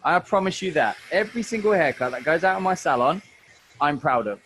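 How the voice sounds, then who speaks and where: A man's voice: a little high, lively intonation, a little fast, a bit bright, slight background noise, low-quality recording. A man giving a chatty, matey live hairdressing demonstration, talking through each step as he works. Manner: chatty, matey, talks while working. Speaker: hairdressing educator. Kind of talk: live online hair cutting demo.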